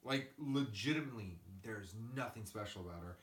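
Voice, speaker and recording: A man hosting a casual podcast, swearing freely and ranting through animated stories. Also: on the low side, fairly quick, far from the mic. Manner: ranting, profane, animated storytelling. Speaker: podcast host. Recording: echoey room, away from the mic.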